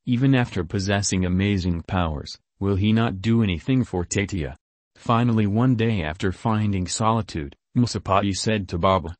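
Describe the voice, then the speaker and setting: A man narrating a devotional story in an even, measured, scripted reading. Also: fairly low pitch, no echo.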